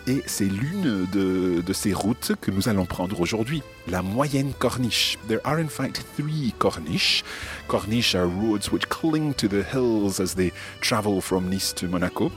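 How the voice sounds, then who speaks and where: Male podcast tutor, low voice, relaxed explainer, faint music underneath. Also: a little slow. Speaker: language podcast host. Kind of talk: bilingual lesson narration.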